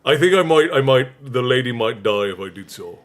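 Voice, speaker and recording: A man's voice: medium pitch, animated, a little fast. A man hosting a casual livestream who laughs often and reads out viewer messages. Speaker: livestream host.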